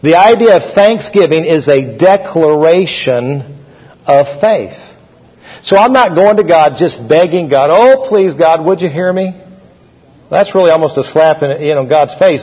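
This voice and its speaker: A man's voice: fairly high pitch, moderate pace, slightly rough. A man preaching a sermon to a congregation, talking conversationally and leading call-and-response. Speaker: pastor. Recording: dull, echoey hall recording.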